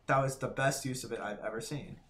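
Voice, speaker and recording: A man's voice: medium pitch, steady tone, brisk, a bit bright, slight background noise. A man streaming a hard game live, swearing and laughing, his voice cracking. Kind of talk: live gameplay commentary.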